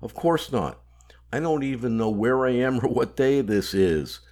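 A man's voice: medium pitch, expressive, measured pace, a little mellow, voice pushed up, lightly acted. A man reading the lines of a nervous, weary young man on the run, speaking anxiously and a little breathlessly.

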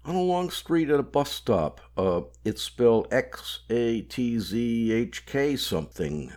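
A man's voice: mid-range voice, sing-song, slow pace, a little mellow, voice pushed up. A man voicing a nervous, weary fugitive. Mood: anxious. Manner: anxious, breathless.

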